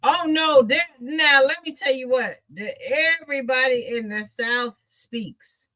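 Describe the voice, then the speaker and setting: Bright, animated woman host, laughs a lot, easy chat. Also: sits high, measured pace, rough recording. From American Midwest. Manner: animated storyteller, laughs often. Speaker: sewing channel host. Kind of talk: casual chat.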